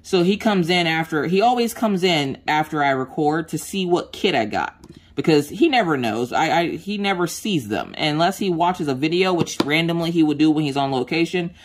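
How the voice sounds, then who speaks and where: The craft vlogger speaks in a deep voice at a moderate pace, chatting casually while she works. Her storytelling is animated, with quotes acted out and occasional mild profanity.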